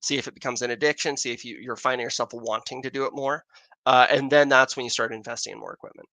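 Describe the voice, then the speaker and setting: A man's voice: medium pitch, steady tone, quick pace, sharp tone, no room sound. An American man hosting a casual astronomy livestream, rambling as he answers viewer questions. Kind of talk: casual live-stream chat. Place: outdoors in Arizona with a telescope.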